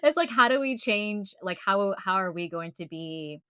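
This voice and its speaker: A woman's voice: medium pitch, lively intonation, unhurried, pushed and bright, clear, resonant tone, dry recording, clean studio sound. A woman co-hosting a podcast in casual chat, rambling with lots of fillers and frequent laughter. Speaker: podcast co-host.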